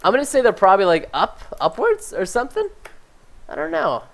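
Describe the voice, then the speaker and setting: Hyped guy streaming a block game live, rambling to chat, jumpy and loud when spooked. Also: high voice, fairly quick. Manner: excitable, chatty, easily startled; talks to chat and viewers. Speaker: gaming livestreamer. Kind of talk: live gameplay commentary.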